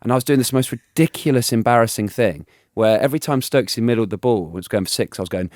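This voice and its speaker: A man in his thirties telling animated stories as an interview guest, laughing and restarting often. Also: medium pitch, fast talker, no room sound, clean studio sound. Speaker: guest, former cricketer. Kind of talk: casual storytelling interview.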